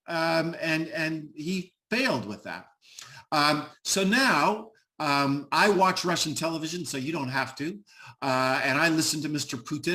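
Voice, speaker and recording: A man's voice: fairly high pitch, sharp tone. A middle-aged American man speaking emphatically on an online panel, with frequent "uh" fillers and repeated words. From United States.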